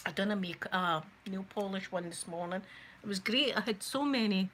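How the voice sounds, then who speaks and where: Soft-spoken Scottish woman, ASMR makeup chat. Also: medium pitch, moderate pace, slight background noise, low-quality recording. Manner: chatty, rambling storyteller who talks to viewers. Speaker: ASMR channel host.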